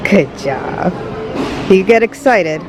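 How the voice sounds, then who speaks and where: A woman's voice: medium pitch, expressive, takes it slowly, music in the background, poor audio. A woman vlogging casually, chatting to the camera and giving her dog short commands and cheerful praise. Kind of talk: casual vlog chat. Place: store, then at home in bed.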